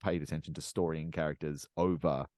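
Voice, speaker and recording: A man's voice: very deep voice, quick pace, no echo, studio quality. A man co-hosting a podcast, ranting sarcastically about a film with plenty of swearing. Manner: animated, sarcastic ranting with profanity. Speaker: podcast co-host. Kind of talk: casual podcast chat.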